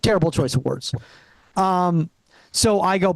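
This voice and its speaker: High-voiced young stand-up comedian. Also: male voice, measured pace, gravelly, dry recording. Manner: rambling, many restarts and acted-out quotes. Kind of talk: stand-up set. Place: comedy club stage.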